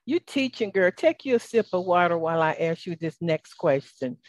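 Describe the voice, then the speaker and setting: Interviewing a guest on her podcast, a Southern US woman offers warm encouragement laced with churchy, faith-flavored language. She speaks in a lowish voice, animated and at a moderate pace. There's no echo in the audio.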